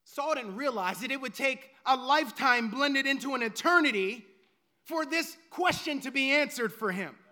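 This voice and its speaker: A male pastor preaching a sermon dramatically and emphatically, dropping to hushed lines and then rising to loud ones. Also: very high-pitched.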